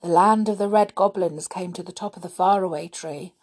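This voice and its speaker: A woman voicing a small, worried male red squirrel in a children's storybook, with a breathy voice. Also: fairly low pitch, brisk, a little mellow.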